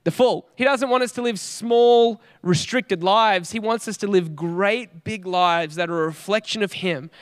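High-voiced Australian male preacher. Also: measured pace, few pauses. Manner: earnest, chatty storytelling with light laughs. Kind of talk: conversational sermon.

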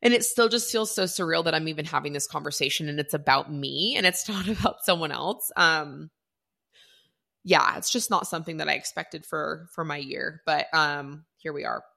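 A woman's voice: low-pitched, normal speed, vocal fry, pushed and bright. A woman in her thirties telling a personal story to camera in a chatty way, full of "like", acting out what people said. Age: 30s. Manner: chatty, lots of "like", acts out quoted voices. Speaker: vlogger.

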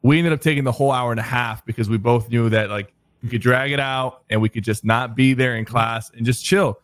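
A man's voice: mid-range voice, fairly quick, no echo. Laid-back young man telling a story. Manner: laid-back, lots of "like" and "bro" fillers. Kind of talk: casual storytelling chat.

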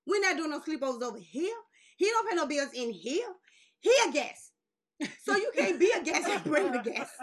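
A woman in her forties telling a long story in casual chat, animated and swearing, laughing as she goes and jumping high when she quotes people. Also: normal speed. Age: 40s. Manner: jumps high in pitch when quoting people. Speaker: podcast host.

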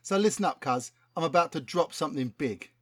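Brash slangy young rapper, pushy and animated; a man plays him. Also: a little high, a little fast. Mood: brash, cocky. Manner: slangy street talk, brash. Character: swaggering young male street rapper.

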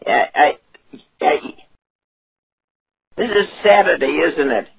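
A prank caller, a man, puts on an exaggerated voice as a confused, frail old woman, quavering and creaky, sounding muddled as he rambles, stammers, mishears and repeats himself. His voice is on the high side and expressive, delivered slowly. The recording is rough, with no echo.

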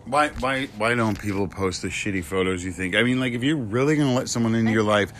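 A man co-hosting a podcast with a bright, forward tone. He talks in a relaxed, slangy way, with a faint hiss of noise behind him. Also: lowish voice, fast. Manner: laid-back, slangy, laughing. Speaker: podcast co-host. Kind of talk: casual comedic podcast chat.

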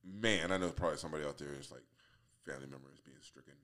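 A man's voice: a bass voice, rapid-fire, a bit bright. A man in his forties hosting a solo podcast, rambling casually, swearing freely and laughing at himself. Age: 40s. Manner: laughs often, swears freely, self-mocking. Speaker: podcast host.

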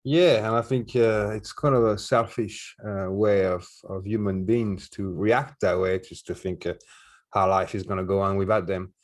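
A man with a French accent and a fairly low voice co-hosts in casual chat. He speaks in a relaxed, hesitant way, with lots of "uh" fillers. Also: moderate pace. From France. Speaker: podcast co-host.

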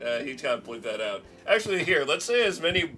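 A man hosting a casual podcast, joking crudely and swearing loudly at his co-hosts. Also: on the high side, big pitch swings, fast talker, faint music behind. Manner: crude, swearing, shouting jokes. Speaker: podcast host.

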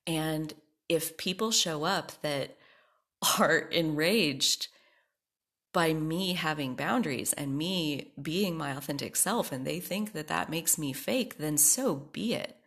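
A woman's voice: sits low, slow pace, fairly bright tone, breathy edge. A woman hosting her own podcast, talking candidly and with emphasis in a personal monologue, swearing freely. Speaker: podcast host.

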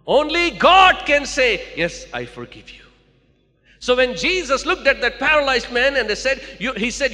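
A man's voice: extremely high pitch, sharp tone, long reverb tail. A man preaching a sermon to a church, repeating key lines and calling out to the congregation.

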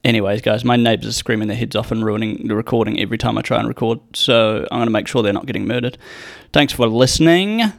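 A man's voice: mid-range voice, quick pace, creaky, hardly any pauses. A young man hosting a casual solo podcast, rambling and joking with plenty of swearing and acted-out quotes. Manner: rambling, profane, jokey, acts out quotes. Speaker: podcast host.

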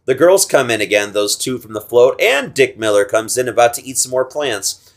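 A man chatting casually on a podcast, walking through a film's plot. He laughs a lot and puts on quick, goofy voices whenever he quotes a character. His voice sits in a middle pitch. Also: lively intonation. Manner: laughs often, acts out quotes in silly voices. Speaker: podcast co-host. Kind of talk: casual movie recap chat.

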